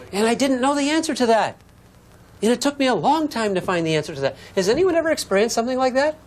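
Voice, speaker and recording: A man's voice: very high-pitched, fast. A man from Massachusetts teaching a physics lesson, telling stories and chatting with the class as he draws on the board. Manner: animated storyteller, acts out shouted dialogue; chatty, asks the class questions. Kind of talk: classroom lecture with demonstration.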